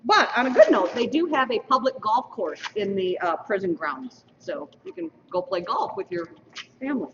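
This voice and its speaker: A woman emcees a school mock election in a school hall, reading out results and adding playful trivia asides for the audience in a lively announcing style. Her mid-range voice swings widely in pitch at a moderate pace. The dull lo-fi stream captures her from a distance in the roomy hall, with background noise.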